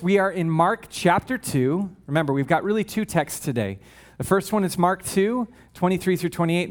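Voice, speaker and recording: High-voiced chatty male preacher. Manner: chatty, joking asides, frequent "okay?" check-ins. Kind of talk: casual sermon. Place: church.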